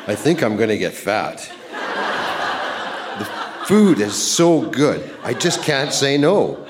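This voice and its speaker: A man's voice: medium pitch, noisy background. A man in his sixties reading his old love letters aloud on stage, playful and amused. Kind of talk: reading aloud to a live audience. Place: live event stage.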